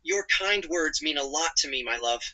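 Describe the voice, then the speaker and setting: Brief: synthetic male voice as a sweet, apologetic chatbot boyfriend, light and very bright. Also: a little high, expressive, moderate pace, full character voice, low-quality recording. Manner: polite and doting, using pet names. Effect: text-to-speech voice.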